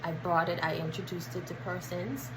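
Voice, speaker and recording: A woman's voice: on the low side, little pitch movement, moderate pace, background noise. A woman with a Bahamian accent talking casually to camera as a content creator, earnest and chatty, carefully working at standard English. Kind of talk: casual vlog talk.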